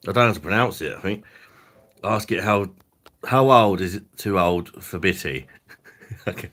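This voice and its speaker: A man's voice: lowish voice, unhurried, long pauses, a bit bright. A man hosting a casual live stream, crude and jokey, laughing often. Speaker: livestream host.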